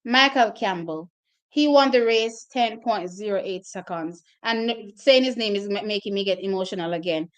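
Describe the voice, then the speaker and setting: A woman's voice: mid-range voice, normal speed. A woman hosting her own track and field channel, talking casually and directly to her viewers about race results, openly emotional as she goes.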